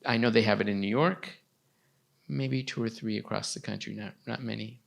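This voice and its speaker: A man interpreting for a deaf guest in the first person on a live talk show, delivering his words in measured phrases. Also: lowish voice, fairly even intonation, vocal fry. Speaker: sign language interpreter voicing a deaf guest. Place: TV studio with a live audience.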